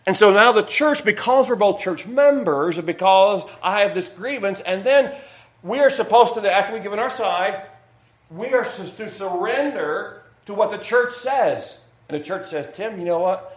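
A man preaching a midweek sermon, folksy and joking as he tells stories to make his point. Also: high voice. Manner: folksy, jokey storytelling preacher. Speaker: pastor. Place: church sanctuary. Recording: echoey church room.

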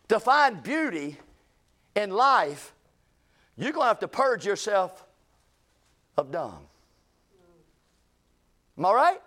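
A man's voice: high-pitched, very animated, slow, pauses often, a bit bright. A male pastor, telling a folksy story in a sermon to his church, with emphatic rises in his voice. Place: church sanctuary.

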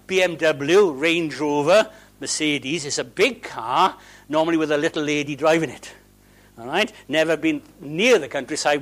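A man preaching in a conversational sermon, slightly higher-voiced than most men. He jokes and tosses asides to the congregation, then settles into earnest, steady exhortation.

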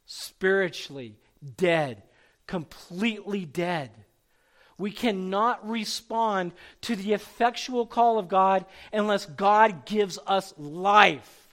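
A pastor preaching a sermon in a high-pitched male voice. He reads scripture and drives his points home with emphatic, rising calls. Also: slow pace, a bit bright. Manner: preaching with rising intensity, calling out names.

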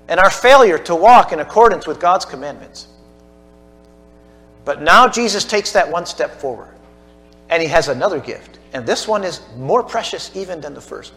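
A man preaching a sermon to a church congregation, building to emphatic peaks and dropping to hushed asides. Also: high voice. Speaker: pastor.

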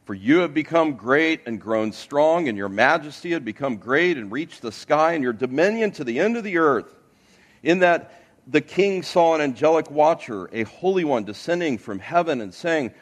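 Earnest man preaching a sermon. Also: mid-range voice. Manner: earnest preaching, frequent uh and restarts. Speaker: pastor. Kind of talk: expository sermon. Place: church.

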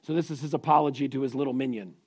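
A man's voice: medium pitch, rapid-fire, a little mellow, slightly rough. A middle-aged man preaching a family sermon, leading the congregation in call-and-response repetition in a plain-spoken, teaching manner. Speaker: pastor.

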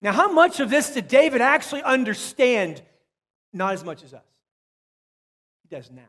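A man preaching a sermon with emphasis, repeating key phrases and dropping to soft asides. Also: very high-pitched, sing-song, moderate pace, long reverb tail. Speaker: pastor.

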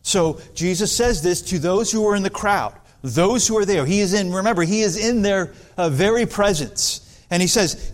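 Male pastor preaching, somewhat high pitch, earnest and intense. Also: moderate pace, few pauses. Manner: earnest preaching, rising intensity when quoting scripture. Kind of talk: expository sermon.

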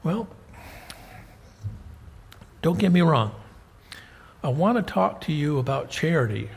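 A man's voice: a little high, sing-song, slow, gravelly, breathy edge. A middle-aged man preaching a conversational sermon to a congregation, often repeating words and checking in with his listeners. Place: church hall. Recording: hall reverb.

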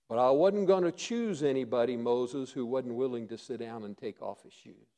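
A man preaching a sermon as pastor, telling Bible stories and acting out their dialogue, dropping to a hush and rising again. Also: medium pitch, normal speed, hardly any pauses. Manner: storytelling preacher acting out dialogue, swinging loud and soft.

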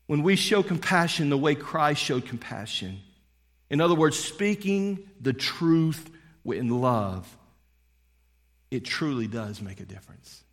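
A middle-aged male pastor delivering a sermon, swinging between loud preaching and hushed storytelling. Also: on the high side, big pitch swings, a little slow. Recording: long hall reverb.

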